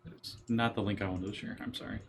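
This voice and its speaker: A man's voice: lowish voice, level tone, fast, creaky. A man casually chatting and joking as a player and stream host in a tabletop game. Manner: playful, jokey.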